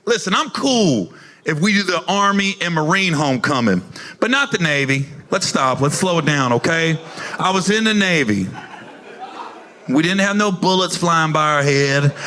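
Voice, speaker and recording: Bright high-voiced male stand-up comic. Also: normal speed. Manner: animated, profane, acts out characters in quotes. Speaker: stand-up comedian. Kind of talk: stand-up comedy storytelling.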